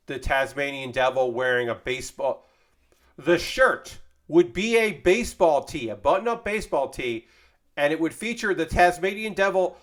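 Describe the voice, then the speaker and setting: A man's voice: medium pitch, fairly bright tone. A man hosting a casual livestream, chatting while he builds a model kit, rambling along and swearing now and then. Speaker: livestream host.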